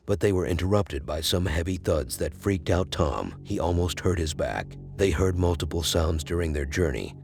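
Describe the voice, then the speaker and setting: A man's voice: deep voice, vocal fry. A man narrating a video compilation as a chatty, opinionated storyteller who talks straight to the viewer. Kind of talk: casual storytelling commentary.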